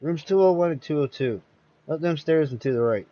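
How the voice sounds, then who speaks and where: A man's voice: fairly high pitch, animated, a little fast, mellow, lo-fi sound, voice pushed up, natural voice. A man voicing a folksy small-town male hotel desk clerk, drawling and gossipy.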